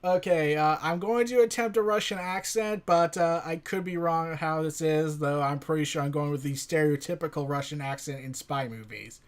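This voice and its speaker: High-voiced dude rambling thru a comic recap, lots of um and like. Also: male voice, moderate pace, few pauses. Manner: rambling, filler-heavy, excitable. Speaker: comic book reviewer.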